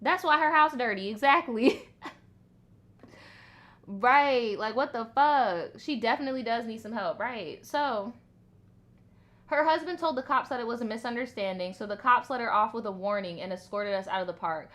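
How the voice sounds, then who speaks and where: Woman host for casual storytime commentary: animated, profane, quick to laugh, with a bright, forceful tone. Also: fairly high pitch.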